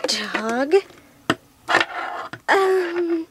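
A woman performs every role in a homemade doll show, hopping between playful character voices. Her voice sits high and swoops widely, and she takes her lines unhurriedly. A steady hiss runs under the home recording. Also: slow. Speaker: doll video maker voicing all characters.

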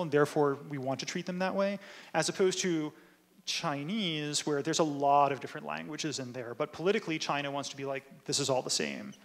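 A man, a linguist presenter, answering audience questions at a talk in a casual way, often saying "like" and "right?". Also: fairly high pitch. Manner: casual, many "like" and "right?" tags.

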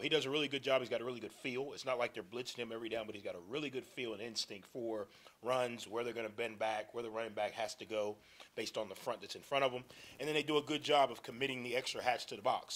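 A man, a head football coach, explaining his thinking at a press conference with many ums, repeated phrases and frequent throat clearing. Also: medium pitch, fairly bright tone.

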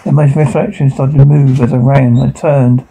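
A man reading a first-person horror story aloud, halting now and then with stumbles and restarts. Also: medium pitch, little pitch movement, vocal fry, warm tone, a little hiss or hum, low-quality recording. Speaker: narrator.

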